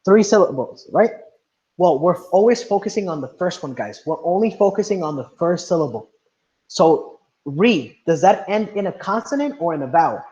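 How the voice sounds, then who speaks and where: A male teacher with a slightly high voice leads a class lesson. He asks the students question after question in a patient, steady way. The sound is dull and lo-fi. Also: normal speed. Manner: patient, questioning, mixes in Spanish. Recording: dull lo-fi audio.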